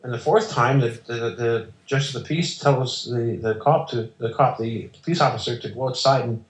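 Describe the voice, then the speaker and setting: A man's voice: mid-range voice, normal speed. A man as an interview guest, telling a personal story in an emphatic, insistent way and acting out the exchanges. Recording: roomy echo.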